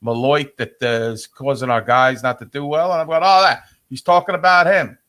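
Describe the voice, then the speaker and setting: A man's voice: mid-range voice, fairly even intonation, moderate pace, fairly bright tone. An older man with a New York accent, co-hosting a casual sports podcast and ranting grumpily. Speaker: podcast co-host.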